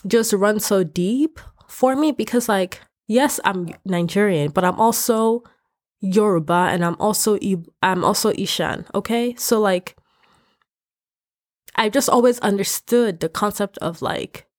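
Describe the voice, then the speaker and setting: Young woman vlogger, loose talk-to-camera rant, rambling and self-correcting, emphatic when worked up. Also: medium pitch. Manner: expressive, rising to emphatic outbursts. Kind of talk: casual talking-to-camera rant.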